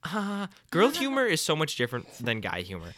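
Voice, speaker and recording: A man's voice: fairly high pitch, wildly swooping pitch, brisk, fairly bright tone. A young man hosting a podcast in casual banter. He jokes, swears freely and playfully defends himself. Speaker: podcast host.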